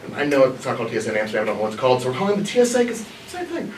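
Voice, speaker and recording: A man's voice: mid-range voice, rapid-fire, a little hiss or hum. Young guy doing a comedy story in a black box theater, voice jumps around a lot, roomy echo. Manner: animated, laughs at his own story. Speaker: improv performer telling a story. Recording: echoey theater, from far off.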